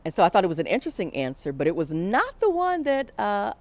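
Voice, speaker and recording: A woman's voice: mid-range voice, huge pitch swings, fast. A young adult woman telling a personal story in a reflective way, acting out the voices she quotes.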